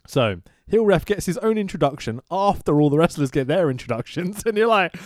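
A man's voice: fairly high pitch, animated, fairly quick, no echo, studio quality. A man co-hosting a podcast, chatting casually, swearing and laughing often. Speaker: podcast co-host. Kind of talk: casual chat.

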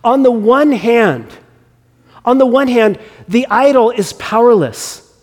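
A man's voice: extremely high pitch, expressive, slow pace, a little mellow, long reverb tail. A man preaching a sermon as a pastor, talking conversationally and often restarting and repeating words.

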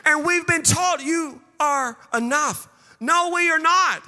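A man preaching a sermon, swinging from hushed asides to shouted declarations. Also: very high-pitched, slow. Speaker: pastor. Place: church sanctuary. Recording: long reverb of a large hall.

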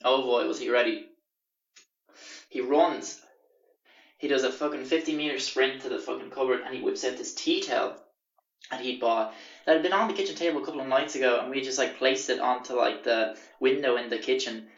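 A young man casually telling a profane, animated anecdote on a podcast. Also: medium pitch, fairly quick, recorded from a distance. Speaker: podcast host. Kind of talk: casual storytelling. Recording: roomy, dull lo-fi recording.

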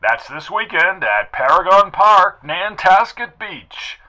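A man's voice: sits high, sing-song, slow, pushed and bright, pitched above the performer's own voice, full character voice, poor audio. A man voicing a glib 1950s radio host with brash, wisecracking patter. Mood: breezy.

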